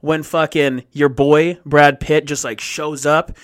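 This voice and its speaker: A man's voice: fairly high pitch, little pitch movement, slow, smooth. A young man co-hosting a podcast, telling rambling stories in casual chat and swearing freely. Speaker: podcast co-host.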